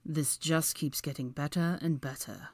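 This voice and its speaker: A woman voicing a snide, sulky young male wizard with a low, drawling delivery in an audiobook reading. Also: fairly even intonation, a little slow, no echo, clean studio sound. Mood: irritable. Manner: drawling, sneering. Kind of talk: audiobook character voice.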